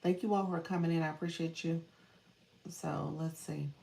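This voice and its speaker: Woman, livestream coach, casual chat, laughs a lot, gravelly, echoey room. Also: deep voice, steady tone, normal speed, mellow, recorded from a distance. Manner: chatty, laughs often, thanks viewers by name. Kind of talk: casual live-stream chat reading comments.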